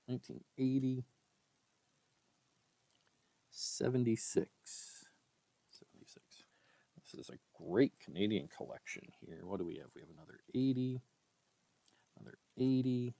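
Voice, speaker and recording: A man vlogging a coin roll hunt, reading out dates one by one in a casual murmur and breaking into excited exclamations. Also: lowish voice, dry recording. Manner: reads dates aloud one by one, often quietly, with excited exclamations. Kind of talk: casual commentary while sorting coins.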